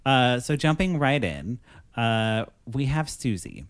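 A man's voice: medium pitch, big pitch swings, slow. A man co-hosting a podcast, chatting casually as he recaps a movie plot and laughs often. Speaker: podcast co-host.

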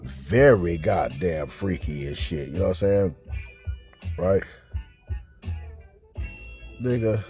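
A man's voice: sits low, darkish tone. A man hosting a podcast, telling a loose, rambling story full of slang fillers and asides to listeners. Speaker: podcast host. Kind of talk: casual profane storytelling.

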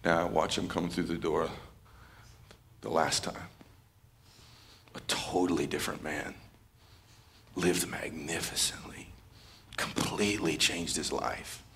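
A man's voice: rumbling low, fairly even intonation, slow pace, gravelly, long pauses, a bit bright, a little hiss or hum. A man giving a live motivational speech at an event, fervent and repeating phrases for emphasis. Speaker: motivational speaker.

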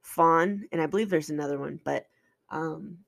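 A woman speaks candidly about her own experience, her voice gravelly with vocal fry. She talks in an earnest, halting way, restarting sentences and swearing now and then. The sound is dry and close, with no room around it. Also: deep voice, dry recording. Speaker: podcast host sharing a personal story. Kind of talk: candid personal storytelling.

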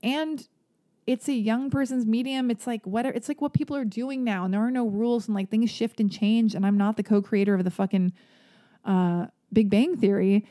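A woman's voice: on the high side, steady tone, normal speed, dark tone. A woman hosting a solo podcast on a stand mic, talking candidly and rambling with casual swearing as she answers listener emails. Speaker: podcast host.

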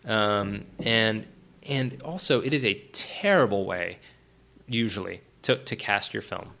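A middle-aged man with a fairly low, bright, forward voice talks casually as an interview guest. He tells stories in an animated way, often restarting sentences and filling gaps with "um" and "right?". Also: unhurried, gravelly. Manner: animated storyteller with many fillers and restarts. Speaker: writer and director, podcast guest.

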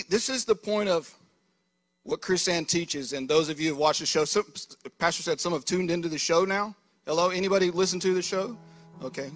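A man preaches with fiery energy, his voice high and ringing bright. He keeps prodding the room for responses as he builds his point. Faint music plays behind him. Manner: fiery, animated, keeps calling "Hello?" to the crowd. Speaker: preacher and co-host. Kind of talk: fiery live sermon. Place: church hall in Florida.

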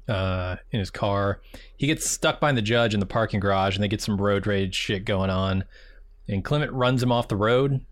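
A man with a fairly low voice walks through an episode's plot on a recap podcast. He talks steadily with small fillers, recorded dry and close. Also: no room sound. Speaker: podcast co-host. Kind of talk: casual recap chat.

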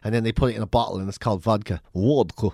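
An Irish man co-hosting a podcast in casual chat, swearing freely and launching into animated rants. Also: lowish voice, very fast, vocal fry, no echo, clean studio sound. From Ireland. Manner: swears constantly, animated rants with mimicked drum sounds. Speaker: podcast co-host.

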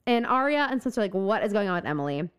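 Smooth-voiced young woman recapping a show. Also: medium pitch, very fast. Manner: animated retelling, acts out the characters' lines. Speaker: podcast co-host. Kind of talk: casual recap chat.

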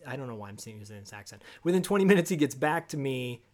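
A man co-hosting a casual podcast, telling a long story with lively asides and quoted voices. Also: mid-range voice, quick pace, hardly any pauses. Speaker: podcast co-host. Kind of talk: casual chat.

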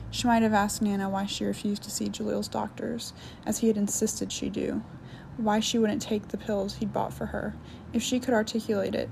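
A woman narrating an audiobook novel in a measured, steady reading. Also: medium pitch, vocal fry, a little hiss or hum. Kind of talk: scripted narration.

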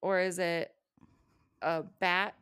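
A woman co-hosting a casual chat, narrating a video as she watches and reacting with squeamish, excited exclamations. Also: on the low side, slow, clean tone, no echo, clean studio sound.

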